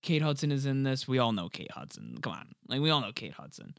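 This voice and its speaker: A young man chatting casually about a movie, animated and joking, swearing freely. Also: mid-range voice, gravelly, dry recording, clean studio sound. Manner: animated, swears freely, quick jokey asides.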